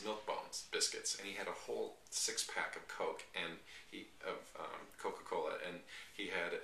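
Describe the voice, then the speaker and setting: A young man talking casually in a trip diary vlog, rambling and halting with many restarts. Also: sits low, gravelly, pushed and bright. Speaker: long-distance walker vlogging his trip. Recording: echoey, distant, faint hiss.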